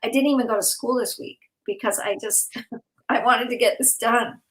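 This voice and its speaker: A woman's voice: a little high, fairly even intonation, normal speed, roomy sound, rough recording. A woman hosting a live online event, talking in a rambling, emotional way and laughing often, worn out and overtired. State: exhausted, overtired. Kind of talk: casual heartfelt chat.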